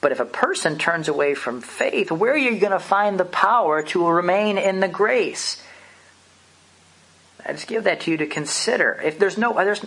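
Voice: mid-range voice, animated, moderate pace, fairly bright tone, husky. A preacher delivering an impassioned, emphatic sermon, full of rhetorical questions.

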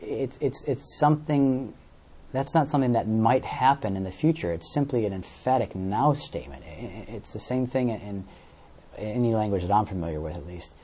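Low, mellow male preacher. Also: lively intonation, normal speed, breathy edge. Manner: teaching, repeats words while searching; explains verses with everyday examples. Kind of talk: sermon.

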